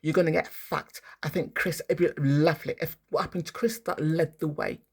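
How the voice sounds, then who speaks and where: A woman's voice: low voice, fairly even intonation, normal speed, slightly rough. A woman, ranting and swearing heavily in an angry, rambling monologue outdoors. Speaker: spiritual vlogger.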